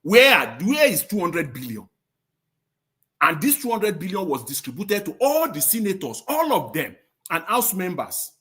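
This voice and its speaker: A man's voice: high voice, wildly swooping pitch, measured pace, fairly bright tone. A man, speaking as a panelist in a live-stream discussion, impassioned and indignant, pressing with rhetorical questions.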